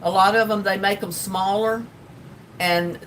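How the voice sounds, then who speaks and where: An older woman with a Southern North Carolina drawl hosts a casual livestream, rambling along in a folksy way with plenty of ums. Her voice sits at an ordinary pitch and is picked up from a little way off the mic, with a faint rumble underneath. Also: fairly even intonation, unhurried, a bit bright, distant mic, poor audio. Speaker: livestream host. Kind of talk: casual livestream chat reading comments.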